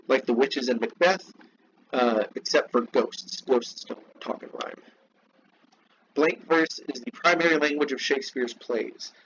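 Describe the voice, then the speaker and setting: A man teaching a literature class, reading from a text and breaking off into slow, repeated explanations and asides to his students. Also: medium pitch, fairly bright tone, muffled recording, slight background noise. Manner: slows down to spell out terms, asides to students.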